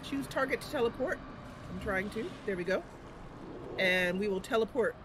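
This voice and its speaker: A woman's voice: medium pitch, lively intonation, moderate pace, noisy background. A woman streamer narrating a game roleplay in a giggly, rambling way.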